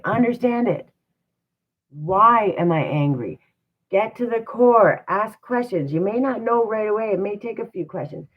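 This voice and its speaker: A motivational livestream host speaks in an encouraging, repetitive manner, returning again and again to the same rhetorical questions. The voice is mid-pitched, and the audio sounds thin and tinny, like a phone.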